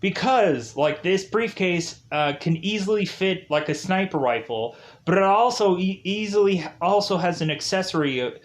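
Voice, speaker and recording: A man voicing a blunt, deadpan male assassin in a loose, filler-heavy paraphrase. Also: high voice, normal speed, few pauses. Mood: smug.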